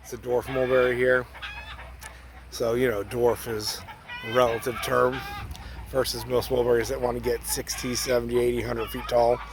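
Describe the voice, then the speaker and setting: A man giving a casual outdoor garden vlog among his fruit trees, chatty and relaxed, sometimes talking around a mouthful of berries. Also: mid-range voice, normal speed. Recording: outdoor noise with chickens and a rooster.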